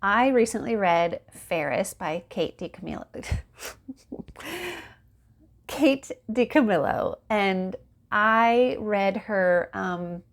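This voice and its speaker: A woman's voice: medium pitch, slow pace, gravelly. A woman in a casual chat at home by a window, talking in a rambling, chatty way and laughing often. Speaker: book vlogger.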